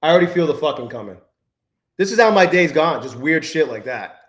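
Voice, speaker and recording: A man's voice: a little high, lively intonation, brisk, echoey room. A man talking through trades on a live stream, swearing often, muttering in frustration and greeting viewers by name. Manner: profane, exasperated muttering, greets chat by name. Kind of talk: live-stream trading commentary.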